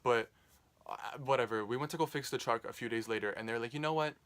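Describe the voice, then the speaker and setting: A man's voice: medium pitch, quick pace, fairly bright tone. A young man casually telling a rambling, profane storytime, full of "like". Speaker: vlogger.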